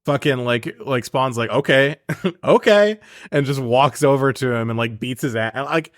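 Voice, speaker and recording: A mid-pitched man riffs on a movie plot with animated disbelief and frequent laughter. He sounds close and dry on the mic, with no room echo. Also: normal speed. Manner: animated and laughing, incredulous riffing. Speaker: podcast co-host. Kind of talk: casual movie recap chat.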